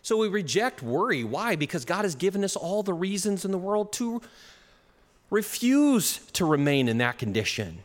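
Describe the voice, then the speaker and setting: A pastor delivers a sermon in a slightly high, very lively voice, his pitch swinging widely as he speeds up and slows down. Chuckles break in now and then. His voice rings out with the long reverb of a large hall. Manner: animated preaching with chuckles and shifts in pace.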